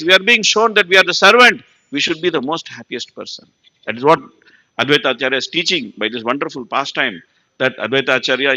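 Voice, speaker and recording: Guy giving a temple class, bright slightly high voice, keeps asking the room questions. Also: dry recording. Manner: rhetorical questions, repeated "huh?" prompts to listeners. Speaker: spiritual lecturer.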